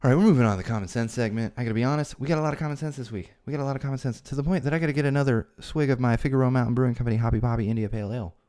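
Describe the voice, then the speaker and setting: A man's voice: mid-range voice, rapid-fire, hardly any pauses, mellow. A man hosting his own podcast, chatting casually with jokey asides and rambling restarts. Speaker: podcast host. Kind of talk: casual solo podcast talk. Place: home studio.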